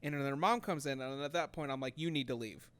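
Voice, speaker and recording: A man's voice: medium pitch, quick pace, a bit bright, smooth. A young man telling a story in casual podcast chat, rambling with many fillers and acting out quotes. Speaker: podcast co-host.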